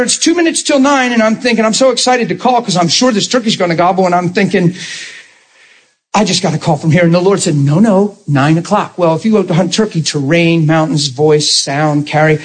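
A man in his forties, a preacher telling lively stories from the pulpit and acting out the dialogue. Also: high voice, fairly quick, slightly rough. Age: 40s. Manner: animated, acts out dialogue with laughter. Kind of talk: storytelling sermon.

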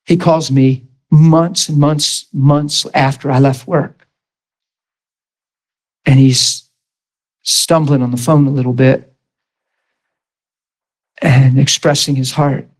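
A man's voice: medium pitch, fairly even intonation, slow pace, long pauses, poor audio. A man, a pastor, preaching a sermon and telling a personal story, acting out the lines of the people in it. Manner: storytelling, acts out quoted dialogue with rising and falling voice.

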